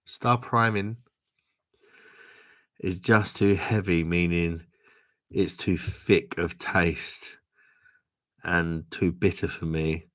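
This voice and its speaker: A man's voice: deep voice, fairly even intonation, slow pace, pauses often, a bit bright. A man hosting a casual drinking livestream, tipsy, laughing often and calling people "mate". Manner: swearing, laughing, says "mate" a lot. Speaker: livestream host reading viewer comments. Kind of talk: casual chat.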